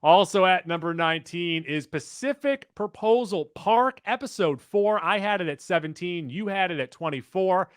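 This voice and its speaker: A man co-hosting a casual podcast chat, reading out rankings in a steady, list-like way. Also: high voice, moderate pace, hardly any pauses, clean tone, no room sound, studio quality. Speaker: podcast co-host.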